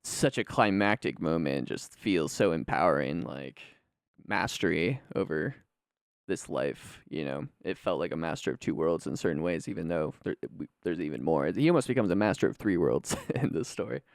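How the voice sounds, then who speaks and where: Gravelly low-voiced man musing. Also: expressive, moderate pace, no room sound, studio quality. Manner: musing, laughs often, trails off. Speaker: podcast co-host. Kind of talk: casual chat.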